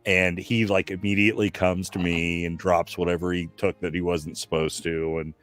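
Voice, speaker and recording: A man's voice: sits low, flat delivery, normal speed, a bit bright. A man co-hosting a casual live-streamed chat, telling stories and chuckling at his own points. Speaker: livestream co-host.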